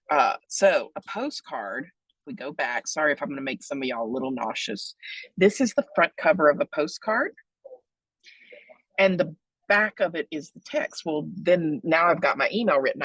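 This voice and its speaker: A woman in her forties giving a lively webinar talk, joking and chatty, with big excited leaps in her voice. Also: moderate pace, slightly rough, no echo, rough recording. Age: 40s. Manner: playful, joking, chatty asides; big excited pitch jumps. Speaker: webinar presenter on donor relations.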